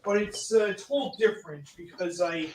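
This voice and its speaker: A man with a high voice chatting casually on a stream. He talks in halting bits, breaking off and restarting his sentences. Some faint noise sits behind him. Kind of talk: casual chat.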